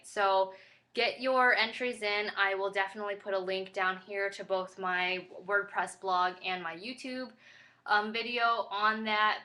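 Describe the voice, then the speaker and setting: A woman's voice: medium pitch, sharp tone. A woman vlogging a casual pregnancy update, rambling and chatty with lots of fillers, tired and a bit flustered.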